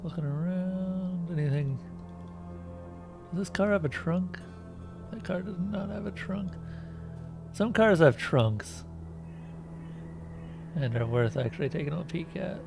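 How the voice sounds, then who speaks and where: Male streamer talking to chat while gaming, relaxed and chatty. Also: sits high, unhurried, gravelly, long pauses, over music. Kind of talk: casual gameplay commentary.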